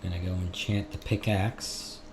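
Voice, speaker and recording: A man giving quiet, casual commentary while playing a video game, mostly talking to himself. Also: low voice, flat delivery, unhurried, background noise. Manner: quiet, mumbled asides to himself. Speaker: gamer, video host. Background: game music.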